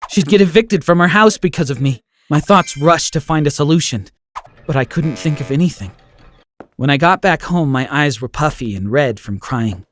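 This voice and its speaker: A man telling an animated story in the first person, emotional and expressive. His fairly high voice swings widely in pitch, carrying every turn of feeling. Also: moderate pace, a little hiss or hum. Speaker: narrator. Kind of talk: scripted storytelling narration.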